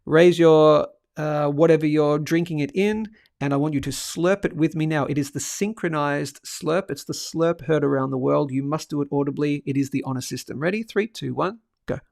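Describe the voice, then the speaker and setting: A man chats loosely on a livestream and keeps cracking jokes as he reads out viewer comments. His voice sits a little high and has a gravelly fry. The sound is close and dry, with no room echo. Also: normal speed, a little mellow. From Australia. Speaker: livestream host. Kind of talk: casual livestream chat.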